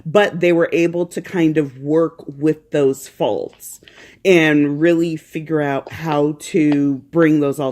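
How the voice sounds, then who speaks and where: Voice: medium pitch, darkish tone. A podcast host chatting casually from home while feeling unwell, rambling and laughing often.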